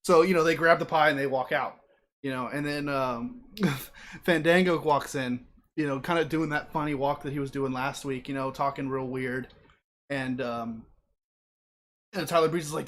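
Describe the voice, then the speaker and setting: A young man with a slightly higher voice, chatting casually on a podcast. He retells a comedy bit with animated energy, jumping into voices for the quotes and laughing as he goes. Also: normal speed. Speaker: podcast co-host. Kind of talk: casual chat.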